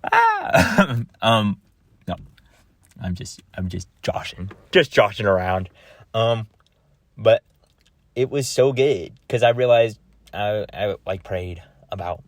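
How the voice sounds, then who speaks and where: A man's voice: on the low side, takes it slowly, long pauses, no echo. A young man talking casually into a close microphone, rambling with slang and laughing often. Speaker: vlogger. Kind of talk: casual personal chat.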